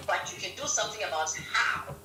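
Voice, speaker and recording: A woman from Ghana, a guest on a live-stream interview, telling stories in an animated way and laughing often. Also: medium pitch, fairly quick. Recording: roomy, distant mic with faint hum.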